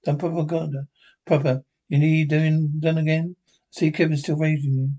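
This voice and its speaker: An older man with a Scottish accent, acting in a sitcom and trading gruff, salty, teasing banter. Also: fairly high pitch, flat delivery, moderate pace, warm tone, dull audio, natural voice. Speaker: sitcom actor. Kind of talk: sitcom dialogue.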